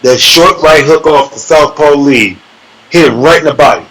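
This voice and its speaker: A fairly high-pitched man spins a swaggering, profane story as an interview guest. He throws in sound effects and acts out other people's lines. His delivery is loose and lively. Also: moderate pace, poor audio. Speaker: interview guest, MMA fighter.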